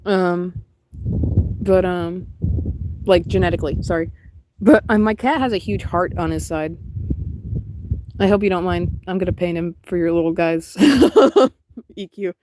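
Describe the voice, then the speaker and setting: A woman's voice: on the low side, fairly even intonation, normal speed, long pauses, noisy background. A young woman chatting casually and rambling while painting on a stream, laughing often. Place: outdoors in cold wind.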